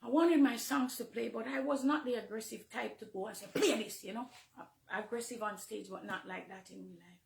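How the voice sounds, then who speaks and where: High-voiced Jamaican woman minister testifying. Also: brisk, creaky, reverberant. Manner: emotional and confessional, swinging from hushed to fervent. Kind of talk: impassioned testimony from the pulpit. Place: church, near the pulpit.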